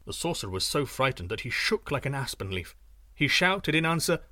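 A man narrating a folk tale in an expressive, dramatic reading. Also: mid-range voice, a little fast, no room sound, clean studio sound. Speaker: storyteller. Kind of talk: scripted narration.

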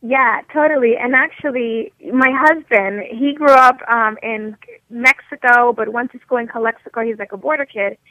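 A woman from New York in her thirties, a motivation coach talking as a radio guest in a blunt, energetic, straight-talking way over the phone. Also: fairly high pitch, moderate pace, no echo. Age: 30s. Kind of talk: radio interview. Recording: tinny phone line, dry.

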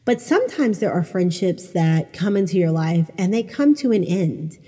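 A woman's voice: fairly low pitch, big pitch swings, normal speed, warm tone, husky, long reverb tail. A middle-aged woman hosting a podcast, telling personal stories in a candid, conversational, self-deprecating way. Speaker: podcast host. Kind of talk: personal storytelling monologue.

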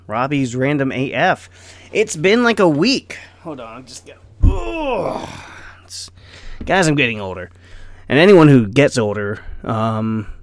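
A man's voice: mid-range voice, no room sound. A middle-aged man rambling casually in a vlog, self-deprecating and laughing often, with lots of fillers. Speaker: vlogger.

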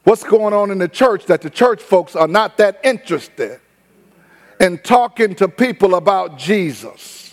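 A man's voice: high-pitched, animated, long reverb tail. A man preaching a sermon to his congregation in a church, talking in a conversational, folksy way and stretching out words to stress them. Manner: conversational preaching, drawn-out emphasis, folksy phrasing. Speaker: pastor. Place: church sanctuary.

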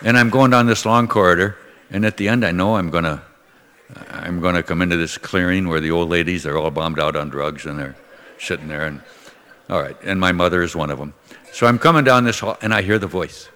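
A man's voice: deep voice, a bit bright, long reverb tail. An older man, a priest from Minnesota, preaching in a folksy, conversational way and acting out the voices in his stories. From Minnesota, USA. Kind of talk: sermon with storytelling.

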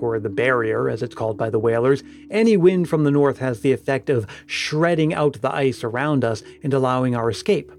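Grave male storyteller with faint music. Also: medium pitch. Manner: steady, grave narration. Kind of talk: scripted ghost story reading.

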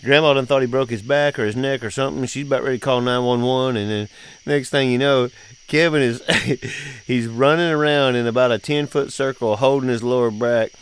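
A man's voice: medium pitch, fairly even intonation, brisk, a little hiss or hum. A middle-aged man telling family stories in a casual, drawling, laughing way. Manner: folksy, drawling, laughs often. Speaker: podcast host, father. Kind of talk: casual storytelling chat.

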